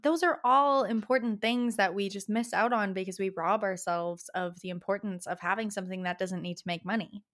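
A woman's voice: a little fast, hardly any pauses, fairly bright tone. Passionate young Canadian woman podcasting. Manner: passionate, chatty, rising pitch at phrase ends. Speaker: podcast host. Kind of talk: casual solo podcast talk.

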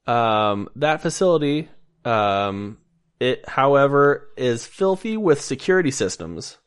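A man's voice: mid-range voice, very animated, slow pace, clean tone. Dry teasing podcast host man. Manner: dry, teasing, swears casually. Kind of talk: casual chat.

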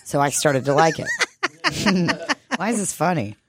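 A woman's voice: sits low, wildly swooping pitch, slow, background noise. A woman chatting casually and comedically, laughing often and swearing freely. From Russian family background.

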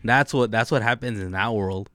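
A man's voice: lowish voice, moderate pace, a bit bright, no room sound. A young man co-hosting a casual chat, joking and chiming in, sometimes slipping into Spanish words. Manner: joking, chimes in, slips into Spanish. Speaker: podcast co-host.

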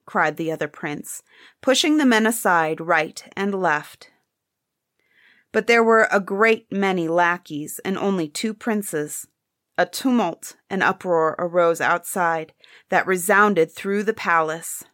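A woman narrates a fairy tale in an even, expressive reading voice. She takes her time with every phrase. The recording is close and dry, with no room around it. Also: on the low side, dry recording. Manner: measured, expressive storybook reading. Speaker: storyteller.

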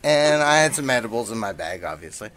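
A man's voice: mid-range voice, sing-song, a little fast, fairly bright tone, a little hiss or hum. A man casually telling a story as a guest on a talk show, laughing now and then. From Canada. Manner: laid-back anecdote teller, laughs while talking.

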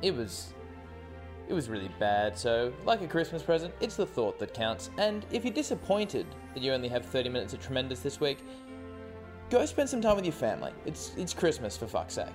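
A man's voice: mid-range voice, big pitch swings, music in the background. A man, hosting a comedy podcast in a teasing, casual way. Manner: teasing, quick reactions. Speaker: podcast host. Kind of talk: casual chat.

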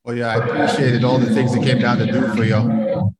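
A man's voice: mid-range voice, fairly even intonation, fairly quick, reverberant, a loud crowd. A man in casual conversation, joking about himself in a self-mocking way.

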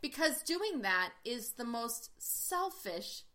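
A woman's voice: a little high, sing-song, takes it slowly, sharp tone. A woman co-hosting a podcast in casual chat, chatty and laughing often, with frequent "like" fillers. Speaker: podcast co-host.

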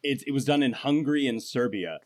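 A man's voice: mid-range voice, expressive, fairly quick. A man chatting casually on a podcast. He rambles a little and retells scenes in detail. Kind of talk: casual chat.

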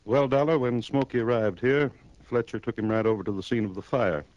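An actor playing a cold, curt male judge in a 1950s radio drama, commanding and quick to cut others off. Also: mid-range voice, a little mellow, no echo, lo-fi sound, close to an everyday voice. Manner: clipped, commanding, cuts others off.

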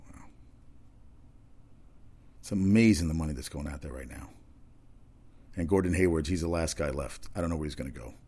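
Deep-voiced rambling talk host. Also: male voice, normal speed, long pauses, warm tone. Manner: rambling, conversational, with restarts and asides.

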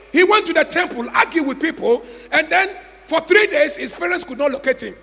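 Dramatic preacher, high gravelly voice. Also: male voice, animated, brisk, big-room sound. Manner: dramatic storytelling, swinging from hushed to shouting. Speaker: pastor. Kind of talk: sermon.

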